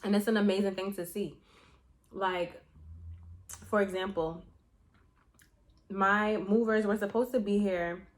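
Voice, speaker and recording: A young adult woman vlogger chatting casually to her viewers, telling a story in an animated way with slang and swearing. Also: mid-range voice, unhurried, pauses often. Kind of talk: casual chat to camera.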